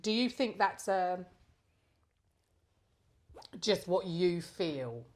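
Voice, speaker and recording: A woman's voice: fairly low pitch, expressive, drawn-out words. A middle-aged woman co-hosting a casual podcast chat, chatty and asking probing questions. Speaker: podcast co-host.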